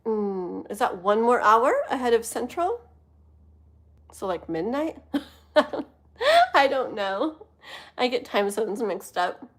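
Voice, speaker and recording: A woman in her thirties from the US West Coast, chatting casually on a live stream as a tarot reader, giggling often and easily sidetracked, sometimes dropping to a hushed voice. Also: a little high, animated, takes it slowly, pauses often. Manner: drops to a hushed voice at times. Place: home with thin walls.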